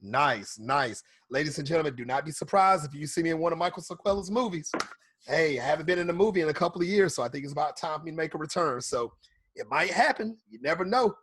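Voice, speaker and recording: A man's voice: a little high, animated, quick pace, a bit bright, slightly rough, dry recording. A male talk show host interviewing a guest, upbeat and talking to his audience. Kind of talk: interview hosting.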